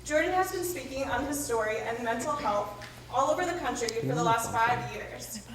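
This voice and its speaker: A woman reading out an introduction of a speaker in a brisk, list-like way. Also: a little high, lively intonation, a crowd in the background. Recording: very echoey hall, from far off.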